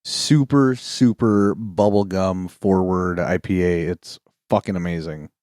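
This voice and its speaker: A man co-hosting a casual podcast chat, jokey and animated. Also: deep voice, unhurried, no room sound, clean studio sound. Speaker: podcast co-host.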